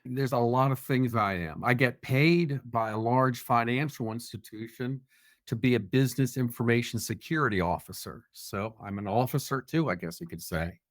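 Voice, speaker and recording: A man's voice: mid-range voice, normal speed, no echo, clean studio sound. A man speaking as a podcast guest, answering in an earnest, reflective way with light self-deprecating humor. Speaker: podcast guest, security officer. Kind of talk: conversational interview answers.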